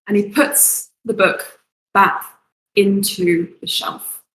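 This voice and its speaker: A woman narrating a tabletop game as game master, setting each scene slowly and in detail. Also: medium pitch, fairly even intonation, fairly bright tone, echoey room, a little hiss or hum, rough recording. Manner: slow, descriptive scene-setting.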